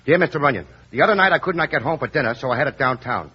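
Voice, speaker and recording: An actor playing Joe, an excitable, hotheaded Brooklyn husband in a 1930s radio comedy, slangy and protective. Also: male voice, mid-range voice, very fast, a little hiss or hum, natural voice. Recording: dull lo-fi old radio recording.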